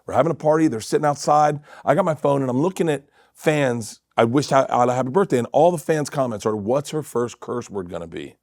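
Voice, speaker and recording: A middle-aged man, a comedian guest, telling animated family stories in casual chat and acting out quotes with cursing. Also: mid-range voice, a little fast, hardly any pauses, dry recording, clean studio sound. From Florida.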